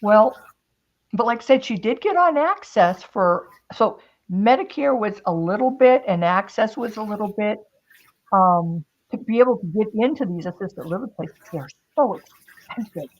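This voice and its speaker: A woman's voice: medium pitch, lively intonation, normal speed. Woman, casual chat, storyteller, quotes people, laughs often, slightly dull lo-fi sound. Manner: storytelling, quoting others, frequent laughs. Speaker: craft stream host.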